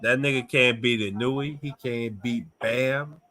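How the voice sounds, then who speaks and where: A man's voice: medium pitch, fairly even intonation, unhurried, sharp tone, a little hiss or hum. A man co-hosting a casual boxing podcast, blunt and profane in his banter. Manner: blunt, profane trash talk. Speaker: podcast co-host.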